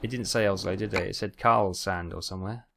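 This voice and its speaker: A man's voice: deep voice, steady tone, fairly quick, vocal fry, fairly bright tone. A man hosting a casual let's-play of a trucking game, rambling along and breaking into exasperated outbursts. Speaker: gaming channel host. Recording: game engine noise underneath. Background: truck simulator engine and road sounds.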